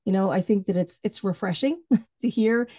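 A woman's voice: mid-range voice, normal speed, mellow, dry recording, clean studio sound. A woman hosting an interview, sharing a personal story in a heartfelt, thoughtful way. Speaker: podcast host.

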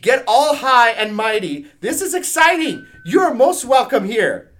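A man voicing a young Scottish man in his twenties at a pub, with a put-on Scottish accent and loud, exclaiming lines. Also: very high voice, sing-song, unhurried, voice pushed up, heavily acted. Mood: welcoming. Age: 20s.

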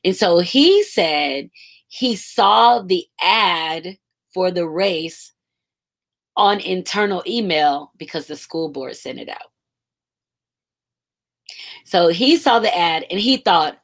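A woman's voice: on the low side, slow. Emotional woman telling a story casually. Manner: emotional, animated, casual with swearing. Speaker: school staff member.

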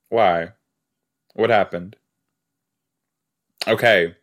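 A podcast host chats casually while reacting to a TV episode, easily amused and quick to gasp and laugh. His voice is fairly low in pitch and expressive.

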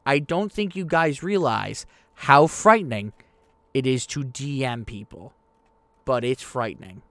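A young man hosting a podcast about the tabletop game he runs, talking in a rambling, excitable, self-deprecating way. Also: medium pitch, unhurried, no echo. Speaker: podcast host and game master. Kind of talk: casual podcast chat.

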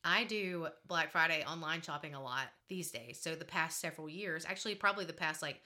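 A young woman trading stories on a casual podcast. Her voice sits a little low but has a bright, forward edge. She talks animatedly, laughs often and acts out what people said. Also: a little fast. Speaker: podcast co-host. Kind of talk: casual storytelling chat.

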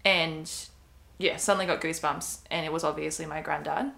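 A woman's voice: sits low, steady tone, brisk, gravelly, fairly bright tone. A young woman casually telling a personal story, rambling with many fillers and quoted asides. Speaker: podcast co-host.

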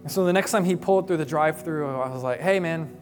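A young adult man, a pastor, preaching a sermon with storytelling, moving from hushed, quiet passages to emphatic rises. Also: a little high, fast, over music. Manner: storytelling, voicing quoted people, swings from hushed to emphatic.

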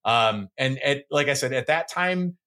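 A man co-hosting a podcast in casual chat, laughing often and restarting his sentences in quick bursts. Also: medium pitch, expressive, sharp tone. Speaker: podcast co-host.

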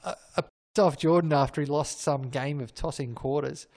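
A man co-hosting a casual chat, making wry jokes and giving quick short agreements. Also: fairly high pitch, steady tone, vocal fry, darkish tone. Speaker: podcast co-host.

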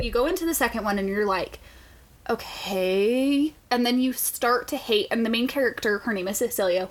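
A young adult woman co-hosting a podcast, chatting casually about books, swearing freely and telling animated stories. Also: mid-range voice. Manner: profane, animated storytelling. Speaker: podcast co-host. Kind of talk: casual book chat. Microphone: podcast mic.

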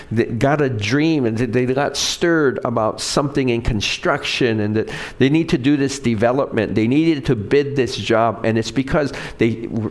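Middle-aged male pastor, animated pitch, chatty sermon delivery with acted-out quotes. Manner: conversational, asks the congregation questions; acts out quoted lines in different voices.

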